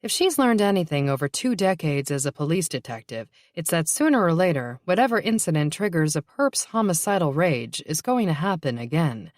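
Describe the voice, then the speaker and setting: A woman narrating a novel in a steady, even reading voice. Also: low-pitched, brisk, few pauses, no room sound, clean studio sound. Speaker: audiobook narrator. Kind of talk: scripted narration.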